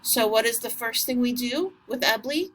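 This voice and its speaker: A woman teacher giving a recorded vocabulary lesson to students, speaking patiently and encouragingly and sounding words out slowly. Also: fairly high pitch, animated, a bit bright, a little hiss or hum.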